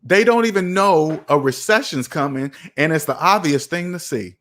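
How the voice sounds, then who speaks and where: A man's voice: fairly high pitch, moderate pace, fairly bright tone. A man hosting a personal finance livestream, talking emphatically to his chat, repeating points and asking rhetorical questions.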